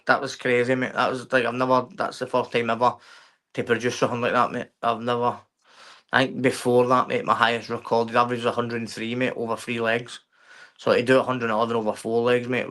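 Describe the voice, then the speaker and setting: A man speaking as a podcast guest in casual chat. His talk is halting and keen, with a "mate" in nearly every phrase. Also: mid-range voice, little pitch movement, bright, forceful tone. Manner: says "mate" constantly, halting and enthusiastic. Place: remote podcast stream.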